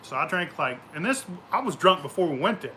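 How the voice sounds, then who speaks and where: A man's voice: a little high, sing-song, brisk, sharp tone, a little hiss or hum. A man hosting a show, telling rambling stories in a profane, boisterous way and laughing often. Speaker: show host. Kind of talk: casual rambling storytelling.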